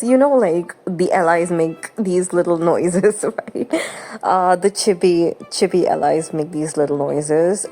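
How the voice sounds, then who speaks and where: Slow, rambling woman gaming host. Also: on the low side, warm tone. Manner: chatty, rambling, laughs often, mock-exasperated. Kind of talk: casual gameplay commentary. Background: game music.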